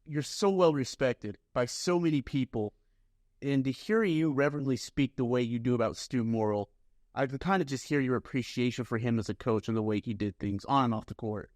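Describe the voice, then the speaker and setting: Casting: man, podcast host, mid pitch, dry close mic, animated storyteller. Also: a little fast, dry recording. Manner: animated storyteller, acts out quotes. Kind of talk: casual interview chat, storytelling.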